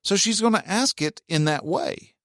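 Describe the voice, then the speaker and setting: A man's voice: sits high, moderate pace, a bit bright, no room sound, clean studio sound. A man talking casually as a relationship advice host, folksy and full of restarts, acting out what a spouse might say. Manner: conversational, many restarts, acts out quoted spouse lines.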